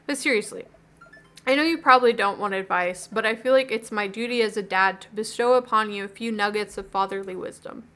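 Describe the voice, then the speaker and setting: Earnest fatherly video game dad, gently teasing, voiced by a woman, bright tone. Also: medium pitch, a little fast, natural voice. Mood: advising. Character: caring, jokey single father.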